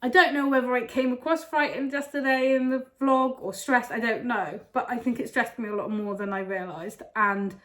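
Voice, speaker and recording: A woman's voice: a little high, fairly even intonation, moderate pace, few pauses, a bit bright. A woman and mother talking to camera in a casual vlog, candid and confiding as she chats through her week. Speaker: vlogger and mother.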